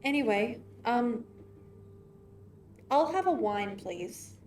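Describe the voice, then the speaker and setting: A woman's voice: fairly high pitch, expressive, slow pace, darkish tone, a little hiss or hum. A woman playing a tabletop game, giggly and hesitant. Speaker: player. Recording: distant from the mic.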